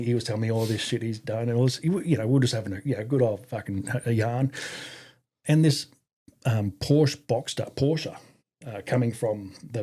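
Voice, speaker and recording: A man's voice: medium pitch, dark tone, slightly rough. An Australian man in his forties, a podcast guest telling army stories in casual chat, swearing freely and laughing as he goes. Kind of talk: casual storytelling interview.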